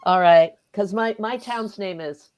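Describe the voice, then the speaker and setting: A woman's voice: medium pitch, unhurried, darkish tone. A woman author chatting as a guest on a radio show, often laughing and acting out her own past remarks. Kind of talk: casual interview chat.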